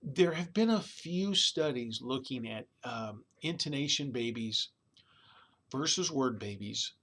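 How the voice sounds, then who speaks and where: A man at a middle pitch delivering a recorded college lecture. He talks conversationally and keeps checking in with "okay?" and "all right?". Now and then he imitates a baby's babble. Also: expressive, measured pace, a bit bright. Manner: demonstrates baby babbling sounds.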